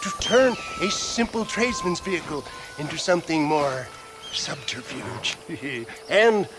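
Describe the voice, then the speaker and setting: A man's voice: fairly high pitch, animated, measured pace, over music, rough recording. A pompous, fawning con-man salesman. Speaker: character in a video game. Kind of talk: video game cutscene acting.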